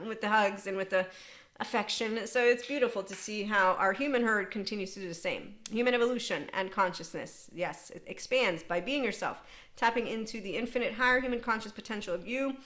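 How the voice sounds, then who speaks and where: A middle-aged woman with a medium-pitched voice hosts a podcast. She delivers an animated, unscripted monologue, laughing often and slipping into quoted voices.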